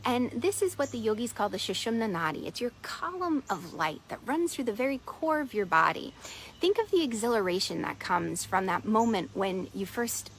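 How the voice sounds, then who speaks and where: A woman coach telling a parable and guiding listeners through a centering exercise at an unhurried storytelling pace. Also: mid-range voice, animated, slight background noise, low-quality recording. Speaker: productivity and meditation coach. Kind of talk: storytelling talk on mindfulness.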